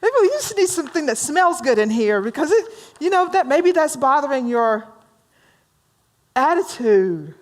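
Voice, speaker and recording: A woman's voice: high-pitched, sing-song, moderate pace, pitched above the performer's own voice. A woman voicing a chatty, sensitive male office clerk who rambles anxiously and is eager to please. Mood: fretful.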